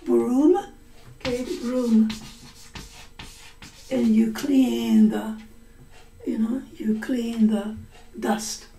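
Slow, mellow woman teacher telling a story. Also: a little high, recorded from a distance. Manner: slow and deliberate, explains words, acts out voices in quotes. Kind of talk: slow story-listening lesson. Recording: echoey room, voice a little off mic.

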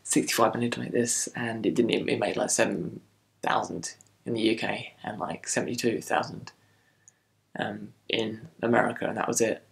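A man's voice: fairly low pitch, steady tone, moderate pace, vocal fry. A man reviewing a film in a casual, rambling video. He rants and repeats himself a lot. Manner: rambling, repetitive ranting.

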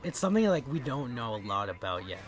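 A young man in a let's play, talking casually as he plays. He rambles and trips over his words, with frequent laughs. His pitch is average. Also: big pitch swings, over loud music. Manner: rambling, halting, laughs often. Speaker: let's play co-host and player. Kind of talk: casual gaming chat.

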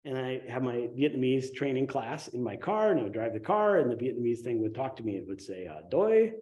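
A man gives a relaxed, conversational dharma talk to a meditation group. His voice is mellow and dark, yet it swings widely in pitch, jumping up high when he gets excited. He talks like a friendly storyteller. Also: fairly quick, muffled recording. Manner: conversational, animated storytelling with sudden excited rises. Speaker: meditation teacher.

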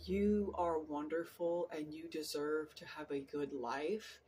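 A woman's voice: deep voice, darkish tone, slight background noise. Earnest rambling woman reading tarot. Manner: earnest, rambling, frequent restarts. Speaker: tarot reader. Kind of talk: casual tarot reading monologue. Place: at home in an apartment.

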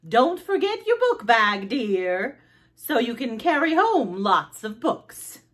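A woman voicing a caring frog mother in a storybook, warm and reminding. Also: fairly high pitch, sing-song, slow, heavily acted.

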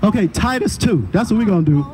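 A man's voice: sits high, expressive, quick pace. A man preaching on the street, lecturing and repeating himself combatively at a heckler. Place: outdoors on a city street. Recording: noisy outdoor street recording.

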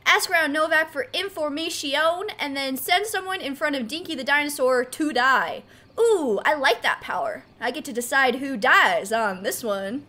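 A woman's voice: high voice, lively intonation, moderate pace, pushed and bright. A woman hosting a game playthrough, playful and goofy in her commentary. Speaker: gaming video host. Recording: voice over game music.

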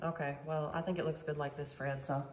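A woman's voice: sits low, level tone, fairly quick, darkish tone, reverberant. A woman hosting a casual home cooking vlog, chatty and bubbly, talking straight to her viewers. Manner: chatty, bubbly, constantly addresses viewers as y'all. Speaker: vlog host. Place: home kitchen, then a sunny backyard chicken coop.

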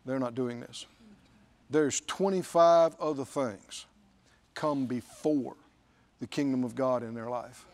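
A man's voice: medium pitch, slow pace, long pauses, a little mellow. A man preaching a sermon as pastor, emphatic, repeating phrases and quoting scripture.

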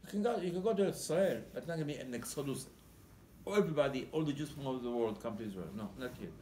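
Racing along with lively intonation, the rabbi's mid-range, slightly mellow voice has a little hiss or hum. He tells his Torah sermon's story animatedly, playing out the dialogue and often repeating words in search of phrasing. The space sounds echoey with faint ambience.

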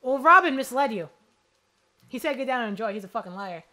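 A woman's voice: a little high, animated, a little fast, sharp tone. A woman hosting casual let's-play commentary, joking, swearing and laughing often. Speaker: gaming channel host.

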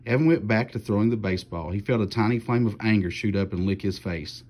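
A man, a teacher, reading a children's storybook aloud in steady, plain narration. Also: on the low side, quick pace.

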